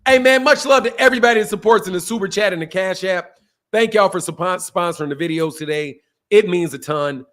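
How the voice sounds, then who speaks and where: A man's voice: high voice, fairly quick, fairly bright tone. A man hosting a live-streamed boxing talk show, reading super chats and firing back at trolls, often repeating himself. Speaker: boxing channel host.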